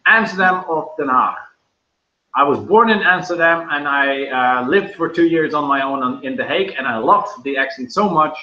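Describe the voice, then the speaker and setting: A Dutch man, native Dutch speaker, hosting a casual livestream in English and talking loudly and animatedly. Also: a little high, moderate pace. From Netherlands. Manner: loud, animated storytelling. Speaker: livestream host. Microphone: computer microphone. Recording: echoey room, dull lo-fi sound.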